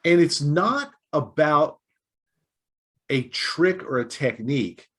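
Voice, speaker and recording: A middle-aged man from the United States, a podcast guest telling a story in an animated way, chuckling through his asides. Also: on the high side, slow.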